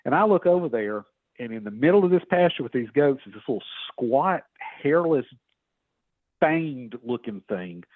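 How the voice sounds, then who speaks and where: A man's voice: normal speed, dry recording. A man guest telling a story over a phone call, quoting people in a raised voice. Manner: animated storyteller, acts out quotes in a high voice. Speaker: author guest. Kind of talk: casual storytelling. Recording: tinny phone line.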